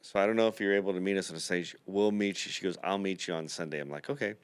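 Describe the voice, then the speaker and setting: Low smooth guy telling a long rambly story on a podcast, dry sound. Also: steady tone, very fast, no room sound. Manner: rambling anecdotal storytelling with quoted dialogue. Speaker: podcast host, dental builder. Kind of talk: casual storytelling chat.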